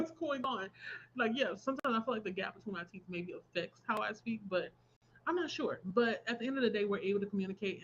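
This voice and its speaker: A young adult woman hosting a relaxed crafting livestream, chatting casually, laughing often and reading out viewer comments. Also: medium pitch, muffled recording, slight background noise. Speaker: livestream host. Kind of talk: casual chat while crafting.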